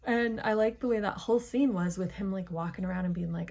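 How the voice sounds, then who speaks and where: A woman's voice: on the low side, steady tone, fast, few pauses, dark tone. A young woman giving a chatty, playful spoiler review of a TV episode, full of dramatic asides. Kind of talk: casual spoiler review monologue.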